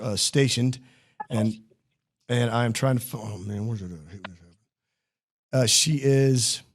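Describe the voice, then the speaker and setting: A man's voice: medium pitch, a little mellow. A man hosting a casual interview show, rambling and joking about himself. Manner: rambling, joking, self-deprecating. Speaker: podcast host.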